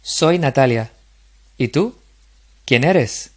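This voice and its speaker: A man with a Spanish accent reading a Spanish woman's lines in a beginner's dialogue, slow and clear for learners. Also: medium pitch, expressive. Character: Spanish woman meeting a stranger.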